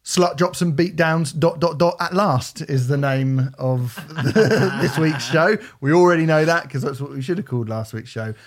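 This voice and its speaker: A man hosting a music podcast in a slightly higher register. He chats in a jokey, easygoing way, often breaking into laughter between thoughts. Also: moderate pace, hardly any pauses. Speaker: podcast host. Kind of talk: casual chat.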